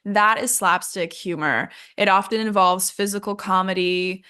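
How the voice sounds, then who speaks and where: A woman's voice: mid-range voice, steady tone, normal speed, pushed and bright, clear, resonant tone. A young woman teaching an English lesson in a casual, chatty way, laughing at herself and using lots of fillers.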